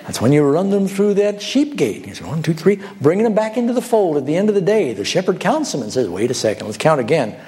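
A man's voice: sits high, big pitch swings, fast, hardly any pauses, mellow. Storytelling preacher man, rhetorical questions. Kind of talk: sermon.

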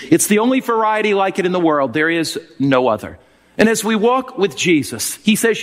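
A fervent male preacher delivering an emotional sermon in a slightly high voice. His speech is full of feeling, and a long reverb rolls through the hall behind him. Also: big pitch swings, moderate pace. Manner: fervent, emotional storytelling with wide swings. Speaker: pastor.

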